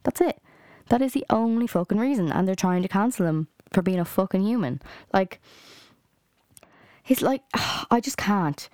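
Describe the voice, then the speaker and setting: A woman's voice: fairly low pitch, lively intonation, normal speed, a little mellow, no echo, studio quality. A young adult woman hosting a solo podcast, ranting in a heated way with lots of swearing and "like" fillers. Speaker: podcast host.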